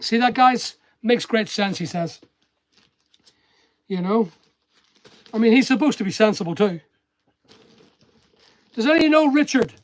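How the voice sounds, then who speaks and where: Here the seller sounds animated yet unhurried, his high voice broken by frequent pauses, and the recording carries no room sound. A channel host with a Northern Irish-English accent, he chats casually to his audience as he packs orders, ribbing the staff close by in the workspace.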